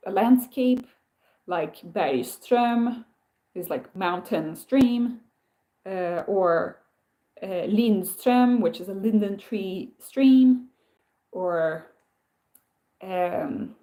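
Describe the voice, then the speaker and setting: A woman's voice: mid-range voice, animated, very slow, pauses often, dark tone. A woman from Sweden chatting on a livestream, rambling and musing with lots of "like" and "um". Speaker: livestream host. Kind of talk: casual livestream chat.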